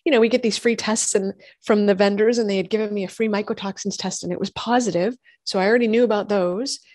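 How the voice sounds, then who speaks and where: A woman, a doctor and host telling her own health story in lively conversation, acting out what others said. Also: mid-range voice, quick pace, no echo, clean studio sound. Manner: animated storytelling, acts out quoted voices. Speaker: functional medicine gynecologist and podcast host.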